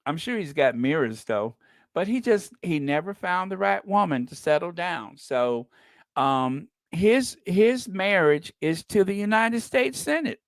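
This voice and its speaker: Slow, hesitant joking man. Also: high-pitched, expressive, no room sound. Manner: hesitant, full of ums and restarts, joking. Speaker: channel host. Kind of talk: casual commentary vlog.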